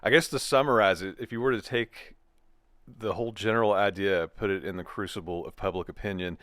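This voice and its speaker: Wry man guest, lowish smooth voice. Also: a little fast, fairly bright tone, no room sound, studio quality. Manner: wry, hesitant, jokey. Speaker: guest co-host. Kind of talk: casual commentary chat.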